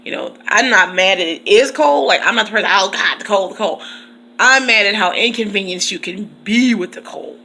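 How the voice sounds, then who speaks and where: A woman's voice: medium pitch, a little fast, few pauses, pushed and bright, slight background noise. A woman teacher from Michigan, chatting casually in her car and laughing often. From Michigan, USA. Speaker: teacher and vlogger. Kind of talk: casual chat.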